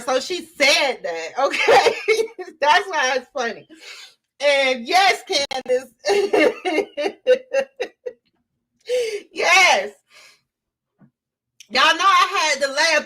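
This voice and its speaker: Hosting a laid-back livestream, this woman has a high voice with a fairly bright tone. She chats directly with her audience, says things more than once, and calls out chat members by name.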